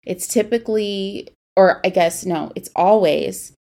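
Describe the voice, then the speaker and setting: A young woman in her twenties hosting a podcast, telling a personal story in a candid, conversational way that turns quiet and somber. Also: medium pitch, measured pace. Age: 20s. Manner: candid, conversational, grows quiet and somber when recalling loss. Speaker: podcast host.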